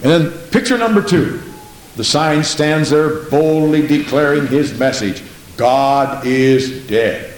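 A man's voice: expressive, a little slow. Preacher man in a very echoey room. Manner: emphatic, repeats "Praise the Lord", big pitch swings. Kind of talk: sermon with storytelling. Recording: very echoey room with faint hiss.

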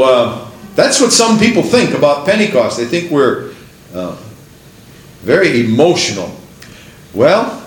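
A man preaching a Pentecostal sermon who builds to excited exclamations and breaks into laughter. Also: a little high, reverberant.

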